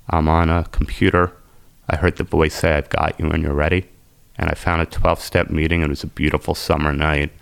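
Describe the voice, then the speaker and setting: A man's voice: a bass voice, vocal fry, smooth, no echo. A man, a podcast guest, telling his recovery story in an emotional, intense way.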